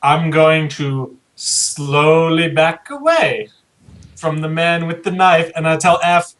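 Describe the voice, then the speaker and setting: A man playing a tabletop game, speaking calmly with some hesitation. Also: a little high, takes it slowly. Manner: calm, plain, hesitant at the start. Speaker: player. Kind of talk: casual tabletop play.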